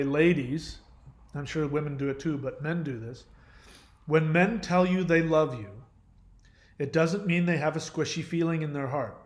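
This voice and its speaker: A middle-aged man from the United States talking in a casual monologue, rambling, blunt and profane, often hedging that he doesn't know. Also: fairly high pitch. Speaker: host.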